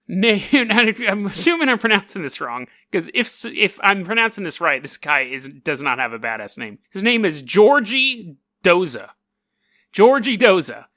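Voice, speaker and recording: A male podcast host tells a history story in a casual, sarcastic way and keeps breaking off for jokes. His voice is bright and sharp, and his pitch swings widely. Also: dry recording, clean studio sound. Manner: sarcastic, animated, joking asides.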